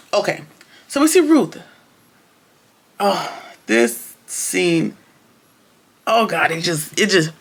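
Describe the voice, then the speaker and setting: High gravelly-voiced man recapping an episode. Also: a bit bright. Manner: rambling, chatty, slangy with frequent restarts. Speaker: TV episode reviewer.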